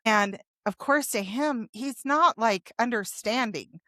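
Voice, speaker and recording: A woman guest on a podcast, telling her own story openly, with a wry humor about dark memories. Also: on the high side, slow pace, dry recording, studio quality. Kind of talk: candid storytelling in a podcast interview.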